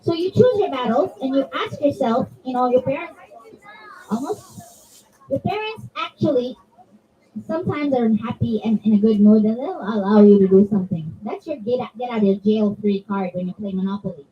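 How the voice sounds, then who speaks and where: A zakira addresses a children's majlis in a community center hall, giving a conversational religious talk and asking the kids questions. Her voice is on the high side at a moderate pace, captured by a distant, dull mic with faint room ambience.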